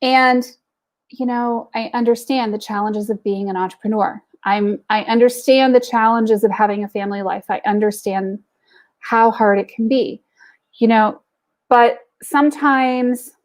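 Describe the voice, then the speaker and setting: A woman's voice: on the high side, steady tone, unhurried. A middle-aged woman hosting a live stream for an online women's business group. She gives an upbeat, direct pep talk, speaking straight to her viewers and telling jokes and anecdotes.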